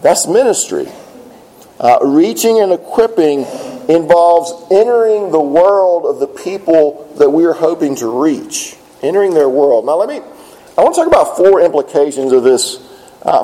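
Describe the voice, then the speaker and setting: Male pastor mid-sermon, mellow tone, plainspoken and earnest, leans on "uh" fillers. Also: on the high side, low-quality recording. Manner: earnest, plainspoken with frequent "uh" fillers and repeated words.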